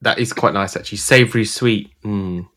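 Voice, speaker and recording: A man's voice: lowish voice, moderate pace, sharp tone. A man with an English accent co-hosting a podcast, playful and laughing often. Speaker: podcast co-host. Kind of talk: casual chat.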